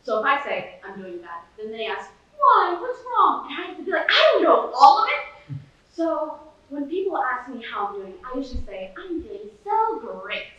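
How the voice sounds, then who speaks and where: Brief: sardonic washed-up male horse star, played by a teenage girl, higher pitch, heard from afar in a booming hall. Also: big pitch swings, normal speed, pushed and bright, muffled recording, full character voice. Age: late teens. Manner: sardonic, rambling, self-pitying. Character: bitter middle-aged male horse, washed-up sitcom star. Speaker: student competitor. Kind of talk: competitive dramatic monologue. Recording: echoey hall from far off.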